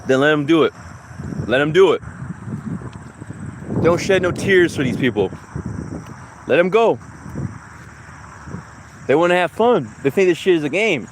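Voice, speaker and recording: A man's voice: a little high, expressive, unhurried, pauses often, background noise. A man ranting angrily and profanely while walking down a city street, talking into a phone on a livestream. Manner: heated, profane, repetitive. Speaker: livestream host. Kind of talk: angry street rant.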